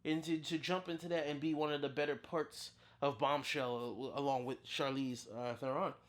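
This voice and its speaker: A reviewer in their thirties giving a casual, unscripted film review as a channel host, excitable and full of restarts. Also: normal speed. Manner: excitable, with big pitch jumps and frequent restarts.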